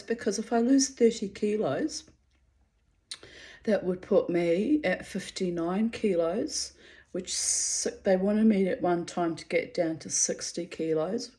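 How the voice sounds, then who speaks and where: A woman's voice: mid-range voice, measured pace, warm tone. Chatty, laughing middle-aged woman. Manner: chatty, self-mocking, bursts into laughter. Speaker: vlogger. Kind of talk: rambling personal monologue.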